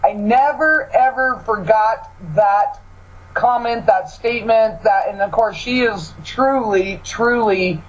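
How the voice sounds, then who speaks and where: A woman's voice: on the high side, slow pace, dull audio. A woman hosting a radio show, talking in an earnest, emphatic way and often repeating words for stress. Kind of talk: casual spiritual chat.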